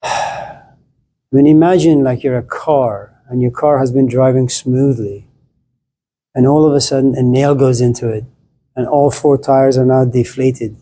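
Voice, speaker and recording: A man's voice: medium pitch, steady tone, measured pace, long pauses, mellow. A middle-aged man lecturing to a class, playful and acting out little scenes as he talks.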